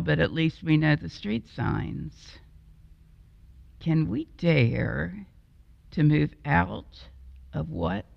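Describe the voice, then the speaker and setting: A woman preaching a storytelling sermon in a slow, expressive way, acting out the voices in her story. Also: on the low side, gravelly, no echo, in a large hall. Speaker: guest preacher. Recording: dull, lo-fi and dry.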